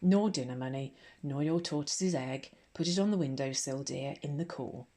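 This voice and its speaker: A woman with an English accent voicing a brisk, imposing and arch female headmistress in an ASMR audiobook reading, giving loud, firm orders to a class. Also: a bass voice. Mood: commanding. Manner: loud firm commands, crisp directions.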